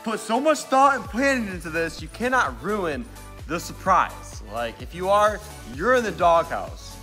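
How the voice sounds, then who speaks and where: A young man talking excitedly about a surprise, swearing freely and retelling conversations. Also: high-pitched, measured pace, soft background music. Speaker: friend's boyfriend.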